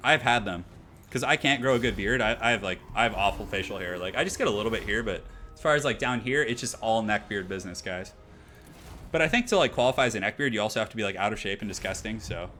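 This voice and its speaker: A young man calls his strategy game live for his stream, rattling off plays at a fast clip in a bright, forceful voice. He is excitable and slangy and keeps talking straight to his chat. A faint hum sits under his voice. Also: fairly low pitch. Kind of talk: live gameplay commentary.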